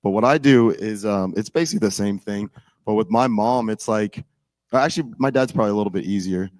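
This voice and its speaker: A young man with a fairly low voice talks in a loose, rambling way. He fills his sentences with "like" and restarts often, heard close on a dry recording. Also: fairly quick, a little mellow, no room sound. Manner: rambling, filler-heavy, many restarts with "like". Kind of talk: casual political chat.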